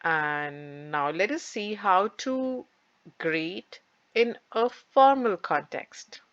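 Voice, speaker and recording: A woman teacher giving a recorded French lesson, speaking slowly and deliberately and repeating each phrase with its translation. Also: medium pitch, fairly bright tone, no echo. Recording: dull lo-fi, dry.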